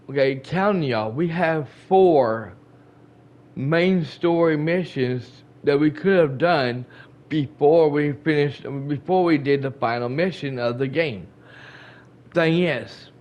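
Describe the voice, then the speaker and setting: Chatty man with a higher voice. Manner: rambling and repetitive, retelling scenes with quoted dialogue; colloquial and chatty, addressing viewers directly. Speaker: gaming channel host. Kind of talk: casual game recap.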